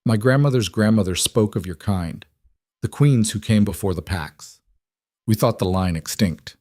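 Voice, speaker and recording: A male narrator gives voice to a massive old wolf alpha with a thick northern accent, growling, fierce and solemn in a fantasy storybook. The tone stays low, and the close mic leaves no room echo. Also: normal speed, darkish tone, natural voice.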